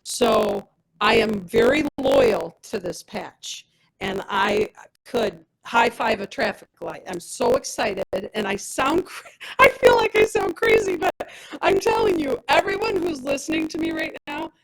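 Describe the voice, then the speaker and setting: A woman with a gravelly, husky voice tells her personal story as a product rep. Her pitch swings widely as she acts out every exchange, keeping a lively storyteller's energy throughout. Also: measured pace, low-quality recording. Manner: animated, reenacts dialogue with others. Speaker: testimonial speaker, product rep.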